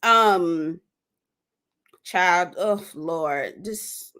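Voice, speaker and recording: A woman hosting a live gossip stream, talking in an animated, sassy way straight to her viewers and reading out their comments. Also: on the low side, drawn-out words, clean tone. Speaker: host of a live gossip show.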